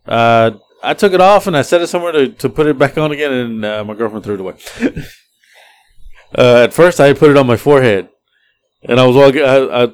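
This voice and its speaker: A middle-aged man sharing everyday stories on a casual podcast. He talks in a loose, relaxed way, often backing up and restarting his sentences. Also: mid-range voice, quick pace, smooth. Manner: rambling, relaxed, restarts a lot. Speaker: podcast co-host. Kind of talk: casual storytelling chat.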